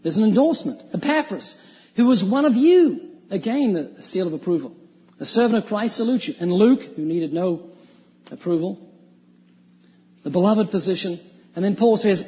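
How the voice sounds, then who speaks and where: High-voiced preacher in a reverberant hall. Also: male voice, moderate pace. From New Zealand. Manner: animated preaching, quoting scripture, acting out voices. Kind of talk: sermon. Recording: dull sound with long hall reverb.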